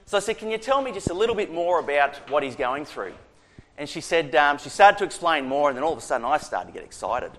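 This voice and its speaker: A man's voice: fairly high pitch, quick pace. Australian man telling a chaplaincy story. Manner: conversational, animated retelling with quoted dialogue. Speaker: prison chaplain. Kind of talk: storytelling testimony.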